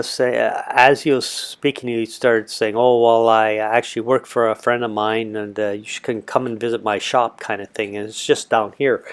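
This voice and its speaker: A middle-aged man casually recounting a travel experience, rambling with many fillers and restarts. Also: medium pitch. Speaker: travel vlogger. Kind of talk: casual storytelling.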